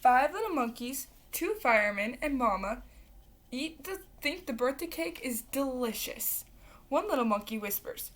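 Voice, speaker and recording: High-voiced woman reading a picture book. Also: lively intonation, moderate pace. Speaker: reader. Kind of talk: children's storybook read-aloud.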